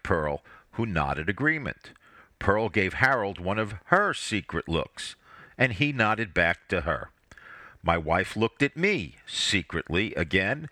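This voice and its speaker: Guy reading his family story aloud, wry, bright voice, dry sound. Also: lowish voice, no echo. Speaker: narrator.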